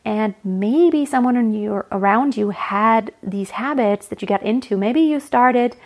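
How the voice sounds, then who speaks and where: A woman's voice: a little high, darkish tone. A woman voice coach talking through a solo podcast episode, chatty and explanatory, often restarting mid-phrase.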